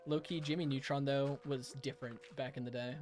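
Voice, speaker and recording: A man's voice: mid-range voice, fairly even intonation, a little fast, a little mellow, soft background music. A young man streaming a game, chatting casually with his live chat, playful, rambling and laughing often.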